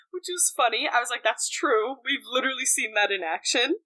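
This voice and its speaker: A young woman co-hosting a casual book podcast, talking in an animated way, laughing often and acting out characters' lines. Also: on the high side, brisk, few pauses, no echo, poor audio. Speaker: podcast co-host. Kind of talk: casual book discussion chat.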